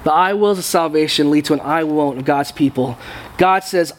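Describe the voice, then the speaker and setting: A man's voice: a little high, moderate pace. A man preaching a sermon to his church in a conversational way, often repeating words as he goes. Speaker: pastor. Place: church sanctuary.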